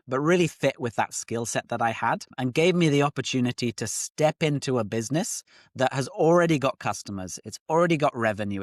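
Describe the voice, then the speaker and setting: A middle-aged British man speaking as a podcast guest. He talks in a clear, orderly way, laying out his points step by step. His voice sits at an ordinary pitch and sounds close and dry, with no room echo. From United Kingdom. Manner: articulate, structured explanations. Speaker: guest entrepreneur. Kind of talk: podcast interview.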